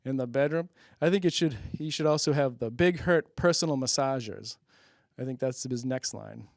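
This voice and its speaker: A man's voice: medium pitch, moderate pace, vocal fry, no echo, clean studio sound. A man hosting a public-access comedy show, rambling through jokes, laughing at his own bits and asking if they land. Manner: loose, rambling, many fillers. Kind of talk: rambling comic monologue.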